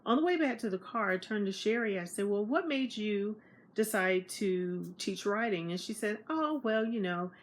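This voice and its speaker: A young book vlogger chats casually to camera at a moderate pace about meeting authors. She's animated and acts out what people said, raising her voice higher for the quoted lines. There's slight background noise.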